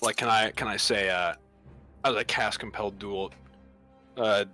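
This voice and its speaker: A man's voice: fairly low pitch, steady tone, unhurried, bright, forceful tone, faint music behind. A man playing a tabletop game over a voice call, eager and chatty, often asking rule questions. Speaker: player.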